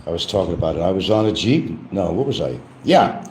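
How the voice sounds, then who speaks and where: A man's voice: low-pitched, very animated, brisk, darkish tone, a little hiss or hum, low-quality recording. An older man hosting a livestream, talking in a casual, rambling monologue with many restarts. He keeps repeating a catchphrase in a mock sing-song lift. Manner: frequent restarts and trailing asides. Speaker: livestream host.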